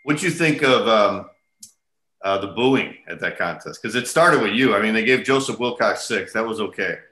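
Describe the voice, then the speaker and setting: Lower-pitched older male host, echoey room. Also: normal speed. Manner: relaxed, asks short follow-up questions. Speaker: podcast host. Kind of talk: casual interview.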